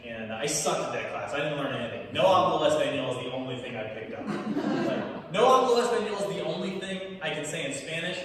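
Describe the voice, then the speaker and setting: Young man, stand-up comedian, lively pitch, a bit high, distant mic, echoey theater. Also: noisy background. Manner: animated storytelling, punchlines with crowd laughter. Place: small comedy theater stage. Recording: echoey hall from far off. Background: audience laughter.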